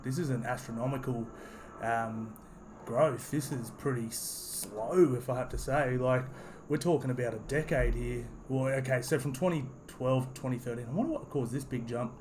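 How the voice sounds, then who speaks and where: A man talks through his opinion in a loose, rambling monologue, restarting sentences and leaning on "you know". His voice sits at an ordinary middle pitch. Faint background noise sits under the recording. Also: normal speed. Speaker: sports commentary vlogger.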